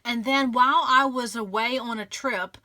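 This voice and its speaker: A woman's voice: on the high side, moderate pace, bright, forceful tone. A woman hosting a casual scrapbooking vlog, gushing and grateful, chatting with lots of fillers and restarts. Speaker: scrapbooking channel host. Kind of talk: casual crafting vlog chat.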